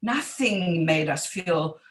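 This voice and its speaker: A woman in her seventies calmly sharing childhood memories, reflective and wry. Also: lowish voice, echoey room, low-quality recording. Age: 70s. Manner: unhurried, reflective, with wry asides. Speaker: community member sharing memories. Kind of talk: reminiscing oral history.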